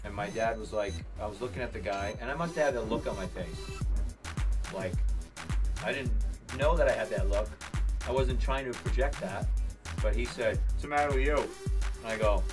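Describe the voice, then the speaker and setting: Relaxed man telling a story. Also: fairly low pitch, normal speed, pauses often, over music. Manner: relaxed storyteller, plays both sides of a conversation. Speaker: guest comedian. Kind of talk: casual chat.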